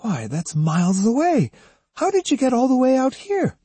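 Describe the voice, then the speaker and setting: A man voicing a gentle, caring young woman in an audiobook, speaking softly and earnestly. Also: extremely high pitch, huge pitch swings, moderate pace, husky, dry recording, voice pushed up, heavily acted. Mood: gentle concern. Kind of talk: audiobook character voice.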